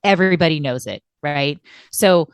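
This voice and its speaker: A woman with a deep, low voice co-hosts a podcast conversation as a coach. She speaks with emphatic intensity and laughs easily. Her voice sounds close and dry, with no room around it. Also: moderate pace, clean tone, no room sound.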